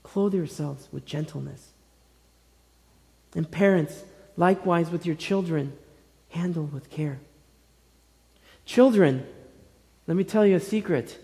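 A man in his thirties delivers a sermon with a fairly high voice. He speaks gently and earnestly, in short phrases with many pauses. His words ring out with a long echo through a church hall. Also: vocal fry. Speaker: pastor. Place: church sanctuary.

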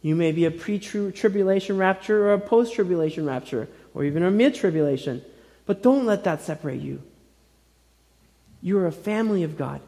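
Earnest higher-voiced pastor in a reverberant hall. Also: male voice, animated. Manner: earnest, gentle, pausing often in short phrases. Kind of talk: sermon. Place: church sanctuary.

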